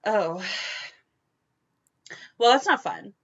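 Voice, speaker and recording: A woman's voice: medium pitch, animated, extremely slow, vocal fry, husky. A woman co-hosting a podcast, listening and reacting with short, supportive replies in casual chat. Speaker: podcast co-host. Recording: slightly dull sound.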